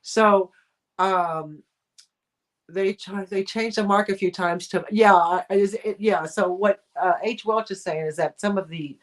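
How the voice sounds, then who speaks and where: A woman from the United States hosting a live video chat, talking in a casual way with frequent restarts and quick laughs. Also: mid-range voice. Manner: chatty, laughs often, full of restarts. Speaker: host.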